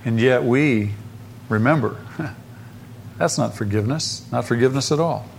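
A man preaching a sermon, asking the listeners questions and swinging between loud emphasis and soft drops. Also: mid-range voice, unhurried, vocal fry, slight background noise.

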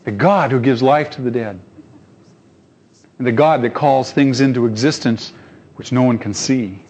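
On a dull lo-fi recording, a pastor preaches at a moderate pace in a medium-pitched voice, leaving long pauses. He brings his stories to life by acting out voices and asking rhetorical questions.

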